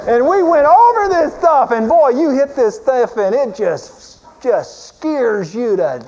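A man preaching a sermon, telling a lively story and chuckling as he goes. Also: extremely high pitch, takes it slowly. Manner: lively storyteller, chuckling through his anecdote. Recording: dull lo-fi recording with faint hiss.

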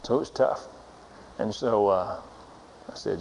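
Man, preacher, animated anecdote, chuckling, lo-fi sound, light hiss. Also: on the low side, moderate pace, long pauses. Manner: lively storyteller, chuckling through his anecdote. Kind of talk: sermon storytelling. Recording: dull lo-fi recording with faint hiss.

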